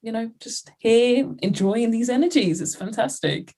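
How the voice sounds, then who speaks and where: A woman's voice: on the high side, unhurried, warm tone. A British woman co-hosting, telling stories in a chatty way with many "you know". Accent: British English. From England. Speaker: co-host. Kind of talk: casual video-call chat.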